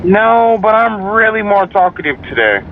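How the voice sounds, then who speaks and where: A young man chats while he streams a game, rambling and swearing freely. His voice sits a little high and swings widely in pitch. The audio is slightly muffled, with faint hiss. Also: moderate pace. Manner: rambling, profane, animated storytelling. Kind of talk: casual chat while gaming.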